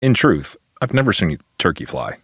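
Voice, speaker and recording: A man hosting a church podcast, talking in a relaxed, reflective way with quick quoted asides. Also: low voice, husky, no room sound, studio quality. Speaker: pastor and podcast host. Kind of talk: casual podcast conversation.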